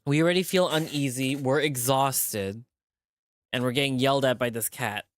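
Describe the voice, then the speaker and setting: A streamer narrating a visual novel aloud in an animated way, jumping in and out of character voices. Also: mid-range voice, normal speed. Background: background music.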